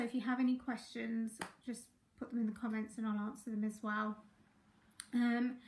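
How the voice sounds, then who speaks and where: Woman life coach going live, croaky throat, highish voice, bit echoey. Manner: warm greetings to viewers, chatty with fillers. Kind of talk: live-streamed coaching talk.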